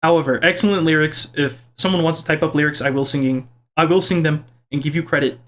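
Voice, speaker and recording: A young man with a fairly high voice reads viewer comments aloud in a casual home video. He is playful and self-mocking, and his pitch jumps around as he jokes. He sounds like he is talking in his kitchen. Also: fairly even intonation, quick pace, a bit bright. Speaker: YouTuber reading viewer comments.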